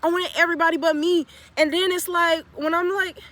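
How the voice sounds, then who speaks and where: A woman's voice: very high-pitched, steady tone, brisk, fairly bright tone. A young woman telling a confessional story in a blunt, profane, emphatic way that repeats phrases for weight. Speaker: spiritual vlogger.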